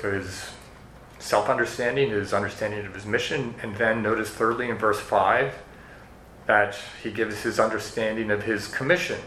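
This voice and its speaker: A man's voice: lowish voice, pushed and bright, slight background noise. A man preaching an expository sermon, walking listeners through the verses in an earnest teaching tone. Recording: echoey room with faint ambience.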